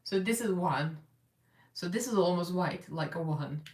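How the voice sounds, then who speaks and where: A woman's voice: lowish voice, expressive, unhurried, a little mellow. Chatty woman doing a live makeup stream. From Russian American. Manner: chatty, rambling, laughs often. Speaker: makeup livestream host. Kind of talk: casual live makeup chat. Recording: echoey room, voice a little far from the mic.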